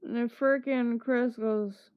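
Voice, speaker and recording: Slow-talking woman telling a story. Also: on the high side, steady tone, clean tone. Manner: acts out quotes with laughs. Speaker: streamer. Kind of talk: casual storytelling. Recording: dull lo-fi stream audio.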